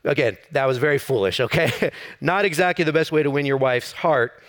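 A man's voice: fairly high pitch, lively intonation, brisk, a bit bright. A middle-aged man, a campus pastor, preaching a sermon in an easy storytelling way with self-deprecating humor.

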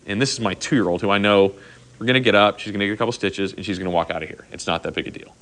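Talking very fast in a lowish voice, a middle-aged pastor delivers his sermon through conversational, animated storytelling. He regularly pauses to ask "okay?"

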